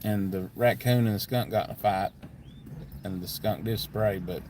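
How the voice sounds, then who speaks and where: A man's voice: on the low side, fairly even intonation, normal speed, darkish tone, slight background noise. Folksy Kentucky man chatting on a livestream. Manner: rambling, folksy, plainspoken. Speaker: livestream host. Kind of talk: casual live chat.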